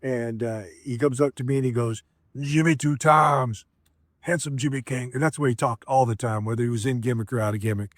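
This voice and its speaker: A man's voice: medium pitch, fairly even intonation, quick pace, few pauses, a little mellow, no room sound, studio quality. A middle-aged man, a former wrestler, telling stories in a casual, rambling way with lots of fillers and restarts. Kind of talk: casual storytelling.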